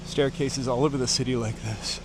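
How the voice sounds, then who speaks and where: A man's voice: mid-range voice, fairly even intonation, a little fast, noisy background. Man chatting breathlessly on an uphill walk. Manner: chatty, slightly out of breath from climbing. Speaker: vlogger. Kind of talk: casual walking commentary. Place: outdoors on hillside streets and stairs.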